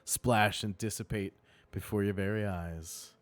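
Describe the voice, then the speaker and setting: A man narrating as dungeon master in a live tabletop game, painting scenes vividly and breaking off for quick rules asides. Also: fairly low pitch, fairly even intonation, dry recording.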